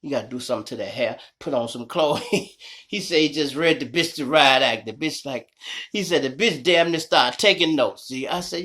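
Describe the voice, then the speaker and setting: A man's voice: a little high, normal speed. A man with a Chicago accent, telling a story in a casual, profane way and keeping up a running chat with his audience. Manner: animated, profane, keeps addressing the audience. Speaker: storyteller host.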